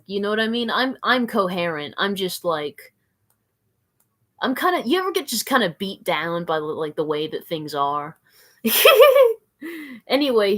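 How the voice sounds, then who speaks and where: A woman's voice: on the low side, a bit bright. A woman from the American South rambling through a live stream, giggling, mocking herself and answering viewer comments. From Southern United States.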